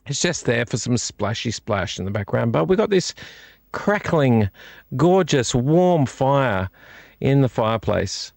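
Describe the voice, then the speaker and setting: A man's voice: medium pitch, big pitch swings, measured pace, creaky, dry recording, clean studio sound. A man hosting his own vlog from a room at home, chatting casually and playfully, with silly wordplay and repeated phrases, into a desk microphone. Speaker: vlog host. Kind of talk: casual rambling chat to camera. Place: home room with fire on a TV and a heater.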